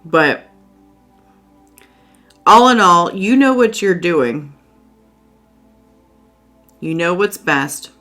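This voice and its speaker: A woman's voice: lowish voice, expressive, extremely slow, long pauses, fairly bright tone, faint music behind. A woman giving a casual tarot reading at home, chatty and reassuring, with lots of fillers. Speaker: tarot reader. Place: indoors at home by a window.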